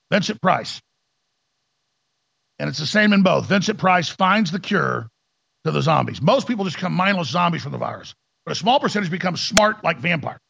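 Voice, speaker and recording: A man's voice: sits high, vocal fry, pushed and bright, husky, dry recording, lo-fi sound. A man hosting a talk radio show, ranting sarcastically and mimicking opponents in mocking voices.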